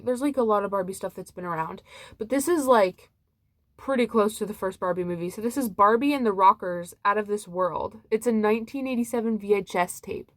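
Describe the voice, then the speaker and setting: A bubbly young woman talks casually, giggling often and saying "like" a lot. Her voice sits a bit high. The sound is dry and close, with no room around it. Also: dry recording. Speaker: vlogger reviewing movies. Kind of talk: casual chat.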